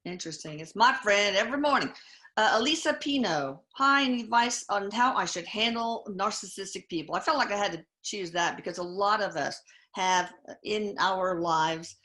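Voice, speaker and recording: A woman hosting a live Q&A, reading viewer questions aloud and tossing in quick casual asides. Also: medium pitch, bright, forceful tone. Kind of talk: live Q&A chat.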